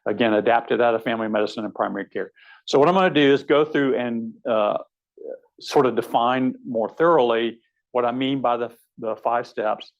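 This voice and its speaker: Man, surgeon lecturing, conversational and wry, middle pitch, slightly muffled recording. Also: steady tone, moderate pace. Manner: anecdotal, wry, with frequent fillers. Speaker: surgeon giving a teaching lecture. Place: lecture hall.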